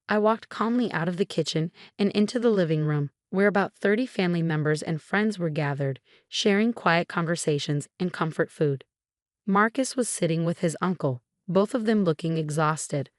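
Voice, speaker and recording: A young woman narrating a first-person story in a calm, measured way. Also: on the low side, dry recording, studio quality. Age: young adult.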